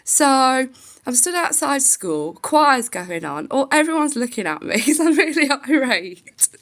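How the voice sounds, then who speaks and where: A woman rants through a story in a casual vlog, fuming and swearing freely. Her voice sits a little high. She breaks off to read a sharp complaint letter aloud. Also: very animated, a little slow. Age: adult parent. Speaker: vlogger.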